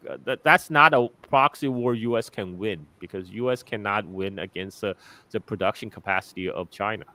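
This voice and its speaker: A guest commentator on a live stream speaks bluntly and sarcastically, laughing often and frequently repeating and restarting his words. His voice is medium-pitched and a bit bright. The recording is dry and close, without room echo.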